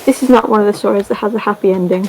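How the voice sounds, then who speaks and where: A woman chatting casually as she recaps a story over gameplay, rambling and full of fillers and little giggles. Her voice sits at a medium pitch for a woman. A faint hiss runs underneath. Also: fairly even intonation, very fast, a little mellow, rough recording. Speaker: gaming video creator.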